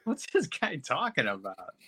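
A man's voice: mid-range voice, wildly swooping pitch, moderate pace, pushed and bright, husky, no room sound. A man co-hosting a podcast, summarizing a movie plot in a laid-back, hesitant way. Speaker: podcast co-host. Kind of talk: casual movie-review chat.

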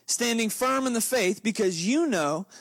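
A man preaching a lively, conversational sermon to his congregation, openly excited and talking casually between scripture readings. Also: very high-pitched, unhurried, no echo. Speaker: pastor.

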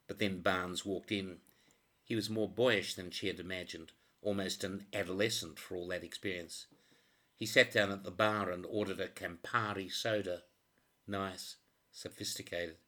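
A man narrating a crime novel audiobook in a steady, even reading voice. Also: on the low side.

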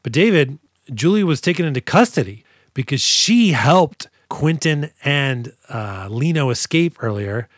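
A man co-hosting a podcast, recapping a movie in casual chat, animated and profane as he acts out scenes. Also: on the high side, unhurried, no room sound, clean studio sound. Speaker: podcast co-host.

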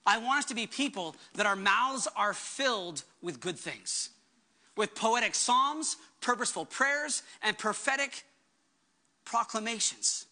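A woman's voice: fairly high pitch, animated, unhurried, pushed and bright. A woman pastor delivering a sermon with emphatic preaching, acting out the words she quotes.

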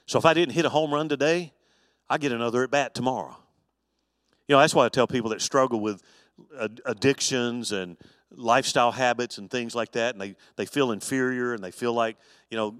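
Casting: male pastor, mid-pitched voice, folksy storyteller giving an evening Bible study, dry close sound. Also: expressive, a little fast, dry recording. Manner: conversational preaching with folksy storytelling.

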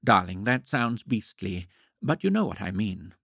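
A man lifting his voice into a gentle young woman, fond and loyal, speaking softly and affectionately in a read story. The lines are lively in their rise and fall, with a husky, dry edge underneath. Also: lowish voice, unhurried, no echo, exaggerated voice. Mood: tender.

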